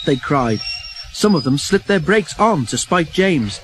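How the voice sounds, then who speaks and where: A man narrating a children's storybook in an expressive, even reading. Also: fairly high pitch, unhurried, over music, low-quality recording.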